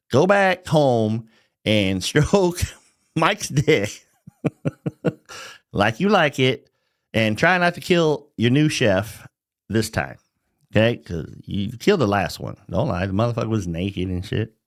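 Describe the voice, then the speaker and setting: Middle-aged man ranting, animated pitch. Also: slow, long pauses, no room sound, studio quality. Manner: profane, mocking, laughs mid-sentence. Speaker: vlogger. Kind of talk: casual ranting monologue.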